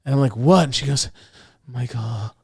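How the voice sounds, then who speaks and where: A man's voice: medium pitch, normal speed, breathy edge, dry recording, clean studio sound. A young man co-hosting a podcast, telling a story in a loose, profane way and acting out the people he quotes. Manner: animated, profane, acts out quotes. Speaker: podcast co-host. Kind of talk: casual storytelling chat.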